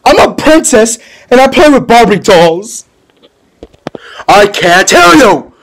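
A man's voice: extremely high pitch, big pitch swings, slow, a bit bright, exaggerated voice. A man doing a taunting middle-aged bully. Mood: menacing. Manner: taunting, sneering. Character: menacing 42-year-old male bully. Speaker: villain in a homemade skit.

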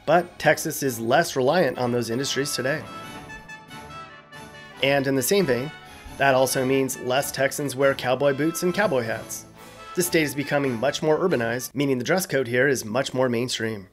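A man's voice: medium pitch, normal speed, faint music behind. A man hosting a scripted explainer video, casual and joking with wry asides. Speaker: host.

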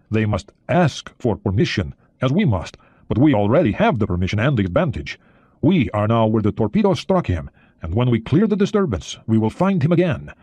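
A man voicing a cold, confident Soviet attack submarine captain who speaks in a calm, measured way in an audiobook reading. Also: mid-range voice, slightly rough, dry recording. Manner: calm, measured, sure of himself.

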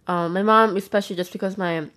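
A young woman chats casually to her viewers while eating on camera. She rambles through a story with plenty of filler words and acts out other people's lines. Her voice sits at a middle pitch. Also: steady tone, fast, a bit bright. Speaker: vlogger.

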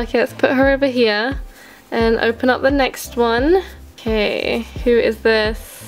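A woman vlogging as she unboxes gifts, gushing and excitable, gasping with delight. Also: on the high side. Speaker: LPS collector vlogger. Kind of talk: unboxing vlog.

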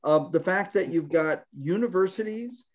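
A man answering questions on a video call, halting and correcting himself as he looks for words. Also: high-pitched, expressive. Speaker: planning consultant answering questions. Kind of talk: meeting discussion.

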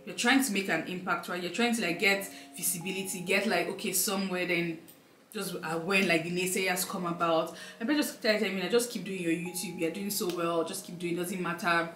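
A woman's voice: lowish voice, a bit bright, roomy sound, slight background noise. A young woman giving an emotional sit-down life update, rambling with many fillers and close to tears. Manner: rambling, filler-heavy, heartfelt. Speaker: lifestyle vlogger.

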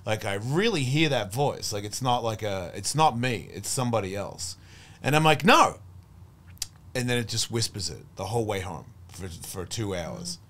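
Expressive and fairly quick, a middle-aged man with a lowish voice rambles through a long story as a podcast guest. He swears freely and acts out the voices of people he quotes in this casual storytelling chat.

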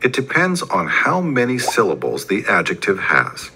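Deep bright-toned male lesson narrator. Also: moderate pace, slightly rough. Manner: even, textbook-like delivery without fillers. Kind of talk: scripted grammar explanation.

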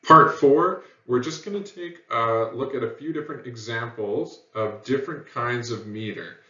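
A man's voice: medium pitch, normal speed, sharp tone. Male teacher, plain explanatory delivery with filler words, in a lo-fi recording with a muffled top end. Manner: plain, explanatory, frequent ums and uhs. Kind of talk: recorded poetry lesson. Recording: roomy, dull lo-fi audio.

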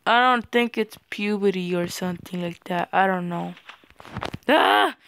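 A teenage boy giving casual commentary over a shooter game. He yelps and shouts at the game, his voice cracks when he yells, and he stumbles over fillers when he talks to his viewers. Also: sits high, normal speed, smooth, dry recording. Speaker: gaming channel host. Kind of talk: gameplay commentary.

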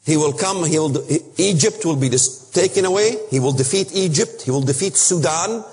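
Animated preacher man in a reverberant hall. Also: a little high, moderate pace. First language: Arabic. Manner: emphatic, animated, rhetorical questions. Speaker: speaker on biblical prophecy. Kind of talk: preaching Bible lesson.

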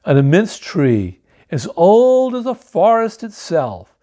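A man reading a storybook aloud in a lively, up-and-down voice, a bit higher than most men. He drops in dry, joking asides between passages. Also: slow pace. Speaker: storybook reader. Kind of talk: reading a picture book aloud.

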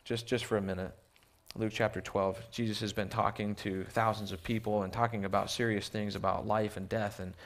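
His voice low and flat, a missionary preacher moves fairly quickly through a slide-supported sermon in church, hardly pausing. Words get repeated as he restarts, and he poses rhetorical questions to listeners.

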